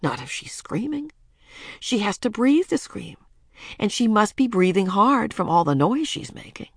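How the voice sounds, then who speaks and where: A worried young girl's voice, pitched high above the reader's own, full of quick fretful questions. Underneath sits a gravelly, husky texture, recorded very dry. A woman puts her on for an audiobook. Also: big pitch swings, dry recording. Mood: worried thinking. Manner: frantic, breathless quick questioning. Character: anxious young girl minding baby sister. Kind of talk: audiobook character voice.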